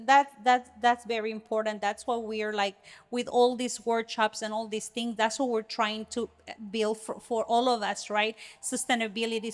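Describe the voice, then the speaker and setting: On a laid-back podcast, a female co-host with a somewhat high-pitched voice talks eagerly and sincerely. Her thoughts come out in fits and starts, with lots of restarted sentences while she sorts out her meaning.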